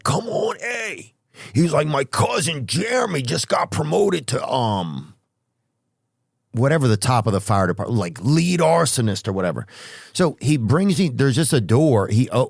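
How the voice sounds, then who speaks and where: A man's voice: fairly low pitch, a little mellow, no room sound, clean studio sound. A man hosting a podcast, telling comic stories in a rambling way with restarts and asides. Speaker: podcast host. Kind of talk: comedic storytelling monologue.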